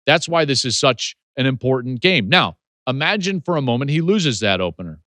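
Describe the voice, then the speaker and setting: A man's voice: mid-range voice, animated, brisk, sharp tone, dry recording. A man with an American accent hosting a solo sports analysis podcast, delivering emphatic, punchy points with repeated rhetorical questions. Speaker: podcast host and football analyst.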